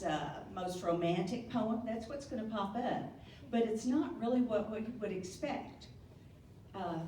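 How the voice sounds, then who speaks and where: A woman's voice: medium pitch, darkish tone, slight background noise. A woman giving a playful, teasing toast at a supper, laughing at her own jokes. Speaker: toast speaker at a Burns supper. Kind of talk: humorous after-dinner toast. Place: banquet hall. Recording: echoey hall from far off.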